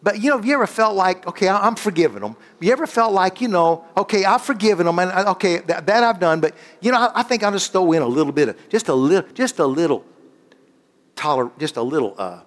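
Lively preacher man. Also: high voice, fast talker. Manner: animated, call-and-response with congregation; rambling, restarts and searches for words. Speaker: guest preacher. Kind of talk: sermon.

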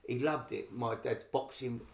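A man's voice: mid-range voice, fairly even intonation, measured pace, creaky, reverberant. An older man with a Cockney accent, a podcast guest telling rambling stories and acting out what people said. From England. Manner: rambling anecdotes with acted quotes. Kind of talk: casual storytelling.

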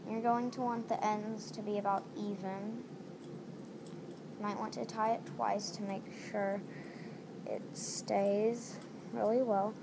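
A woman's voice: mid-range voice, flat delivery, takes it slowly, creaky, long pauses. A woman talking casually through a step-by-step craft tutorial at home, repeating each step as she goes. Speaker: DIY tutorial maker. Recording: noisy home recording.

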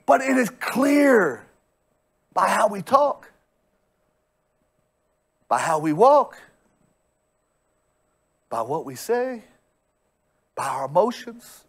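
A man preaching a lively sermon as pastor, conversational and funny, acting out characters and building to shouts. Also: extremely high pitch, takes it slowly, long pauses. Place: church sanctuary.

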